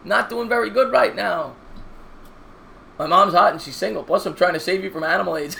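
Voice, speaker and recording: A man's voice: sits high, brisk, creaky, pushed and bright, slight background noise. A man, calling baseball play-by-play on a live stream while chatting with viewers. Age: 30s. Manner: chatty, jokey, reads viewer comments aloud. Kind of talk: casual play-by-play with chat shoutouts.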